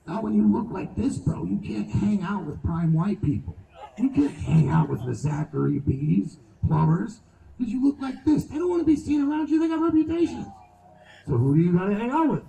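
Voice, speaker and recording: A man's voice: sits high, moderate pace, gravelly, roomy sound, recorded from a distance, slight background noise, low-quality recording. A man performing a live stand-up set outdoors, crude and profane, telling stories with lots of swearing. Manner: crude, profane, animated storytelling. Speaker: stand-up comedian. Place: outdoor show venue.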